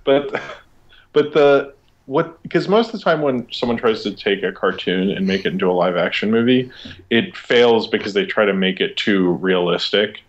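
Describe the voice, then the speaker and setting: A man's voice: fairly low pitch, animated, normal speed, dull audio. Rambling young man in casual chat. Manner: enthusiastic, rambling, lots of "like".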